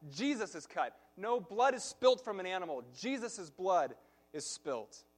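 A male pastor preaching a sermon, telling a personal story in an animated way, swinging from soft to loud. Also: high voice, a little slow.

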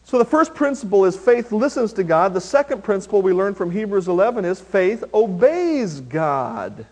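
A man preaching a sermon, animated and humorous, acting out little quotes as he goes. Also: high-pitched, normal speed. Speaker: pastor.

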